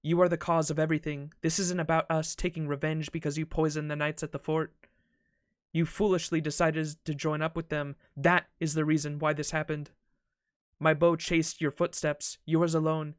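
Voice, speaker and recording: A man voicing a sorrowful, serenely cruel knight archer from a game, reading his lines in a calm, soft and measured way. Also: fairly high pitch, clear, resonant tone, no room sound, clean studio sound, lightly acted. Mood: coldly serene.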